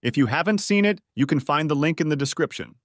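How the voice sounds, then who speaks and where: A man's voice: fairly high pitch, animated, fast, dry recording, studio quality. A man narrating a first-person story as an audiobook, lightly voicing the characters.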